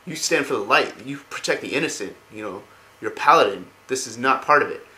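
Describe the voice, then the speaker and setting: A man voicing an older paladin mentor who scolds in a stern, loud voice. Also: medium pitch, lively intonation, fairly quick, echoey room. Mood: scolding.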